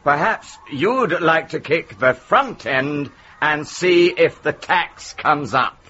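A man's voice: on the high side, animated, slow pace, sharp tone, muffled recording, a little hiss or hum, exaggerated voice. An actor playing a fussy, earnest male schoolteacher who is slightly pompous and humourless. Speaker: teacher telling a joke.

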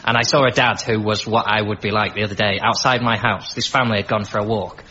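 A man, a comedian telling deadpan stories on a panel. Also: lowish voice, quick pace, slight background noise. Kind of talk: stand-up style anecdote. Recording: dull radio recording with loud crowd.

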